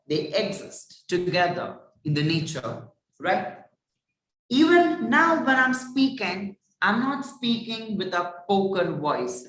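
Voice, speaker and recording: A male soft skills trainer giving a motivational lecture, talking straight to the listener as "my friend" and swooping his pitch up and down for emphasis. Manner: rhetorical, keeps addressing the listener as "my friend". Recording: echoey room, distant mic.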